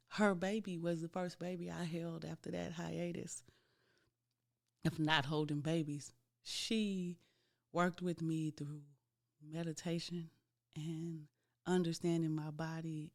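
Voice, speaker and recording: A woman in her thirties hosting a podcast, telling a candid, faith-filled personal story and talking straight to her listeners. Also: lowish voice. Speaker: podcast host.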